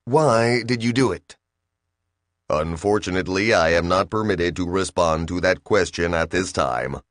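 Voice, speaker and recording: A man's voice: sits low, unhurried, dry recording, clean studio sound. A man voicing a hot-tempered male starship captain who snaps while trying to hold his temper. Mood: demanding. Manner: snapping, barely controlling his temper.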